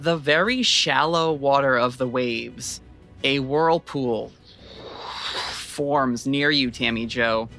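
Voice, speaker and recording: A woman's voice: deep voice, bright, forceful tone. A woman narrating a tabletop horror game as game master, with chatty, descriptive storytelling.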